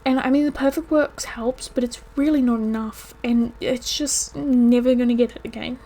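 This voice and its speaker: Streameuse bavarde au rire facile. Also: female voice, on the high side, fairly even intonation, normal speed, warm tone. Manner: chatty, laughs often. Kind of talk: casual gameplay commentary.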